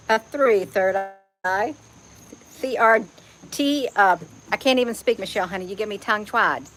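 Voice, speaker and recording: Unhurried and pausing often, the host chats with her livestream viewers by name, folksy and fond of "you all," while out among the trees. Her mid-range voice is a bit bright, and the audio quality is poor.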